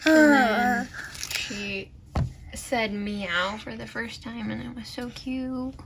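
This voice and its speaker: A woman's voice: fairly high pitch, slow, background noise. A woman chatting casually as she narrates a plan-with-me video and talks to her baby now and then. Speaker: planner vlogger.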